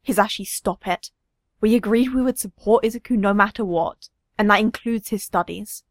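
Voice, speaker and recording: A woman voicing a loving young mother in a storybook reading, bright and cheerful with swooping high notes. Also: normal speed, no room sound, studio quality, natural voice. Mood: falsely cheerful. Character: warm, worried young mother.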